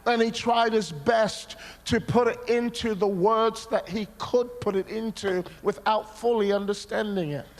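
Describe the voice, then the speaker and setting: Preacher, male, high voice, lively storyteller, church hall with long reverb. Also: a little slow, hardly any pauses. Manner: animated storytelling, acts out his own past words, bursts of shouting. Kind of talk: sermon testimony.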